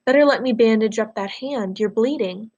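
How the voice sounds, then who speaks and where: A woman reading a novel aloud, voicing a kind, tired female doctor in a soft, calm, reassuring way. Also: a little high, moderate pace, lo-fi sound. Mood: gentle.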